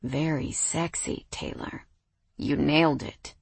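A woman's voice: deep voice, fairly even intonation, takes it slowly, gravelly, slightly rough, no room sound, heavily acted. Woman voicing a cocky teasing young man. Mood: smug. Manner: smug, playful drawl.

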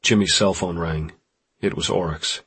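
Man, audiobook narrator, very low, husky, dry close recording, measured. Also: steady tone, fairly bright tone, no echo. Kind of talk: scripted narration.

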